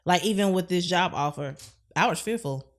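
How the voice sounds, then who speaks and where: A woman in her thirties with a fairly low voice, chatting freely as a podcast guest. She talks in an animated way and voices her own inner thoughts as she goes. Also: normal speed. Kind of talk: casual chat.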